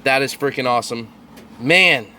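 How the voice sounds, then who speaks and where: A man's voice: mid-range voice, normal speed, sharp tone. A man narrating his coin roll hunt with thrilled exclamations to his viewers. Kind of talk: excited hobby video narration.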